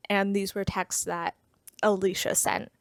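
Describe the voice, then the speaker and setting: A woman's voice: medium pitch, level tone, measured pace, vocal fry, dry recording, studio quality. A woman giving a casual, chatty plot recap as a book reviewer, full of "like" fillers and wry asides.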